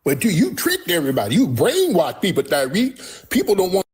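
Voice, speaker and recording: A man's voice: high-pitched, huge pitch swings, brisk, darkish tone, husky. A man streaming a ranting commentary, exasperated and mocking, with sighs.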